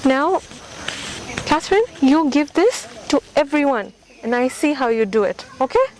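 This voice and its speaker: A woman's voice: sits high, lively intonation, moderate pace, a little hiss or hum, low-quality recording. A woman teaching children how to use sanitizer and face masks, speaking through a mask, patient and repetitive, checking often that they understood. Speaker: charity volunteer teaching children. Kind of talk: instructing children. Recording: music playing under the speech. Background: loud background music.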